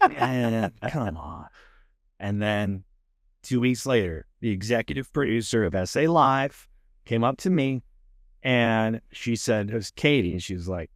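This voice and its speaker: A man in his thirties with a Texan accent, a podcast guest telling his story in a casual, animated way and acting out the people he quotes. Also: lowish voice, normal speed, no echo, clean studio sound. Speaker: podcast guest, food show host. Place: podcast studio.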